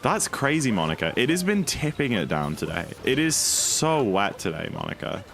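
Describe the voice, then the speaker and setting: A man's voice: mid-range voice, sing-song, normal speed, vocal fry, fairly bright tone. A man casually chatting and joking with his chat while speedrunning on a livestream. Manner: playful, jokey, reads chat aloud. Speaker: streamer.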